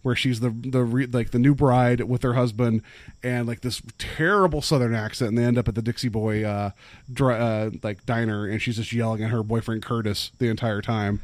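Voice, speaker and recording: A man's voice: mid-range voice, steady tone, normal speed, dry recording. A man co-hosting a podcast, chatting casually about movies in a rambling way full of fillers. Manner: rambling, many fillers and restarts. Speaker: podcast co-host.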